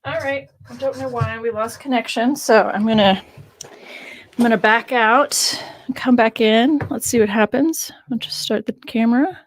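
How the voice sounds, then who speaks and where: A woman's voice: a little high, unhurried. A woman biblical scholar hosting a casual teaching livestream, musing aloud, laughing often and stressing key words.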